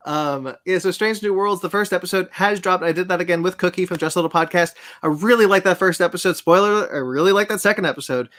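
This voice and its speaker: A man hosting a relaxed podcast chat, his voice a touch high for a man. He gushes happily, giggles often and steers the talk from one segment to the next. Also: fast talker, hardly any pauses. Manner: enthusiastic, giggly, runs the segments. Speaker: podcast host. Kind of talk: casual chat.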